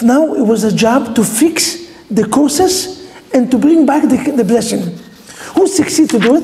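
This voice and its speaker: A rabbi teaches a Torah class in lively storytelling fashion, firing questions at his listeners. He speaks non-native English sprinkled with Hebrew terms, in a warm, dark-toned voice. A long hall reverb trails his words. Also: high voice. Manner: animated storytelling, quizzing the audience with questions. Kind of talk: Torah lesson.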